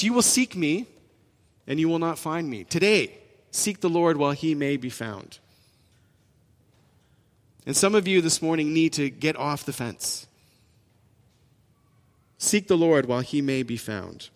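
A man preaching a sermon, with emphatic rises and soft drops in his delivery. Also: on the high side. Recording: long reverb in a large hall.

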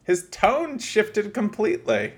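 A man's voice: high voice, huge pitch swings, slow. Young male co-host, argumentative, swears freely, loose casual delivery. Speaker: podcast co-host. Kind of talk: casual game review chat.

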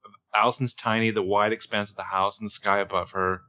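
A man's voice: fairly low pitch, flat delivery, fast talker, bright, forceful tone. A man co-hosting a podcast who talks thoughtfully about camera shots and scenes in a casual chat. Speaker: podcast co-host.

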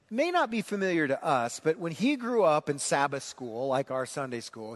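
Male pastor, lively emphatic sermon delivery, slightly high voice, reverberant hall. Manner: animated, builds to emphatic preaching.

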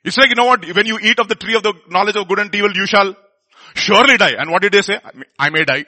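A man preaching a sermon, emphatic, asking the congregation questions and leaving pauses for them to answer. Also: high-pitched, pushed and bright.

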